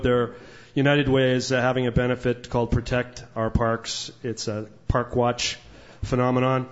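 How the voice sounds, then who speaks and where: A man, a singer-songwriter on a small stage, making quick offhand announcements between songs. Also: medium pitch. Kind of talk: stage patter and singing with guitar. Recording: muffled live venue recording with loud guitar.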